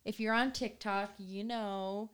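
A young woman co-hosting a casual podcast chat, telling stories in an animated, giggly way with lots of "like". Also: mid-range voice, measured pace, clean tone. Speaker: podcast co-host.

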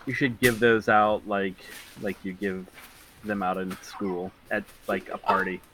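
A man's voice: fairly low pitch, little pitch movement, a little slow, a bit bright, slight background noise, rough recording. A man co-hosting a podcast, chatting casually and giving short, amused, teasing replies. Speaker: podcast co-host. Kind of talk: casual chat, reacting.

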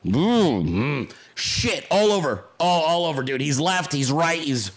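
A man's voice: on the high side, big pitch swings, unhurried. A man hosting his own show, telling a rambling, profanity-laced story with quoted voices in a casual monologue. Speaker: podcast host.

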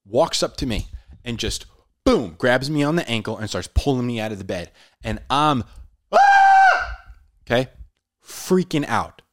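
A man telling a personal story in a casual, animated way, often saying "dude". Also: medium pitch, normal speed, dry recording, clean studio sound. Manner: animated, says "dude" a lot.

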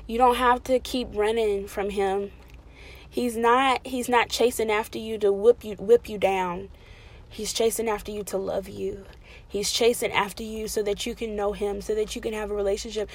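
Midway through a sermon, a woman preaches with real passion at a normal speed, her medium-pitched voice otherwise flat. She surges loud on declarations, then drops soft and intimate when pleading, repeating key phrases again and again for emphasis.

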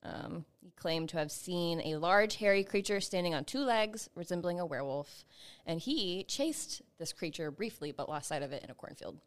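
Woman co-host, lowish voice, casual, reads reports, swears and laughs. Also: lively intonation, moderate pace. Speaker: podcast co-host. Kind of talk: casual chat, reading witness reports.

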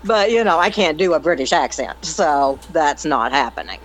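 A woman's voice: low-pitched, animated, normal speed, crowd noise, poor audio. A woman chatting casually, self-deprecating and laughing often. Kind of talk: casual chat.

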